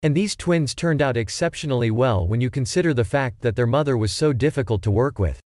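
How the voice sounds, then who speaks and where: A man's voice: mid-range voice, brisk, a little mellow, no room sound, studio quality, close to an everyday voice. A man voicing an earnest, long-winded male baby photographer in a read-aloud joke, talking matter-of-factly like a salesman.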